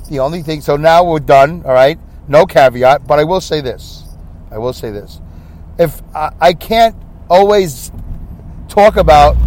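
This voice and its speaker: A man's voice: on the high side, darkish tone, a little hiss or hum. A sleep-deprived man in his fifties hosting a solo podcast, rambling and losing his train of thought. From upstate New York. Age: 50s. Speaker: podcast host.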